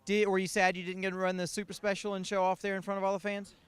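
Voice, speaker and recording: A man's voice: sits high, completely flat delivery, quick pace, smooth, dry recording. A man hosting a rally show, chatting upbeat with teams at an outdoor car display. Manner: upbeat, chatty, laughs easily. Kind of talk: roving interviews at a fan event.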